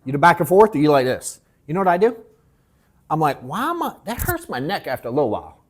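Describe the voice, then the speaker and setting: A man leading a live sales workshop, telling animated stories that act out his own reactions, swearing freely and calling the audience bro and dude. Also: on the high side, fast talker. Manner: animated storytelling, mimics himself, swears, calls people bro and dude. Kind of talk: casual, joking workshop talk.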